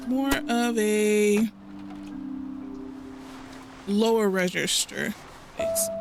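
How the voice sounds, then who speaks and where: A woman hosting a cozy gaming channel, chatting in a rambling, casual way with frequent laughs and a fairly high voice. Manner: rambling, laughs often, self-interrupting. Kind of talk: casual chatty let's play commentary. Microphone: home desk microphone. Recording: game music behind the voice.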